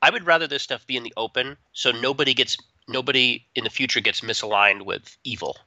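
A man co-hosting a tech podcast, chatting in an animated, joking way with quick asides. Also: medium pitch, dry recording. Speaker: podcast co-host. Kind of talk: casual opinionated chat. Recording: dull dry close-mic sound.

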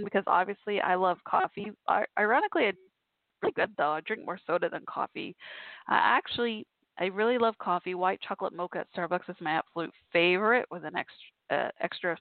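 Bubbly female call-in host, mid pitch, rambles, laughs easily; thin telephone-quality audio. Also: dry recording. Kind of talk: casual chatty call-in show. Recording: tinny phone-like line.

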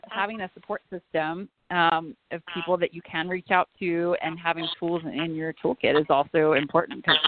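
A woman in her forties speaks candidly in a casual conversation, swearing freely and breaking into easy laughter. Her voice sits at a middling pitch. The sound is thin and phone-like, with a faint hiss under it. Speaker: guest. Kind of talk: casual podcast chat. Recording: tinny phone-like line with faint noise.

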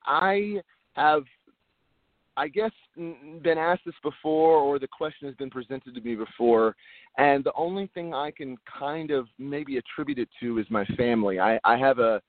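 In this interview, an actor with a mid-range voice speaks at a moderate pace, earnestly but casually, often repeating words as he starts over. The sound is dry and tinny, as though over a phone line.

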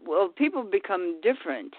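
A woman's voice: mid-range voice, sing-song, moderate pace, no echo. A woman co-hosting a call-in show who talks in an easygoing way and gives plain everyday advice. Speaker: co-host. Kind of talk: casual call-in radio chat. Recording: tinny phone line, dry.

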